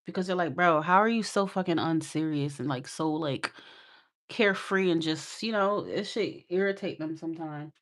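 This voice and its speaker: A woman's voice: low voice, normal speed, fairly bright tone. A woman giving a casual live tarot reading, sassy and teasing, scolding her viewers and laughing often. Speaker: tarot reader.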